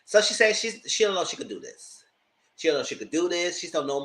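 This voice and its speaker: A man giving casual live commentary on reality TV, animated and sassy, often jumping into a high exaggerated voice. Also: a little fast, rough recording. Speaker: YouTube TV commentator.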